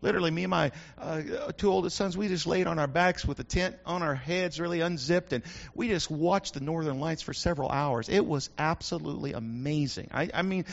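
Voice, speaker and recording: A man's voice: fairly high pitch, brisk, gravelly. A middle-aged male pastor giving a folksy, emphatic sermon with repeated refrains. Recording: muffled lo-fi recording.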